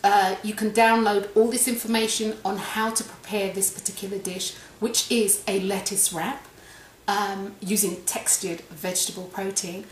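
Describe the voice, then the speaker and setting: Woman host of a home cooking video, relaxed and chatty, echoey kitchen with faint background noise. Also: mid-range voice, moderate pace. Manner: chatty, repeats phrases, talks while eating. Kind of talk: casual cooking demonstration.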